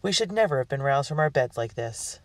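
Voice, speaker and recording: A man's voice: medium pitch, lively intonation, fairly quick, dry recording, lightly acted. A man voicing a haughty, fussy older wealthy woman who complains indignantly, recorded dry from a distant mic. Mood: huffy.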